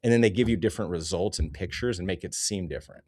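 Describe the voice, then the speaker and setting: A man's voice: low-pitched, fast, a little mellow, dry recording, clean studio sound. A man ranting in a sarcastic, rambling comedy commentary, cursing often.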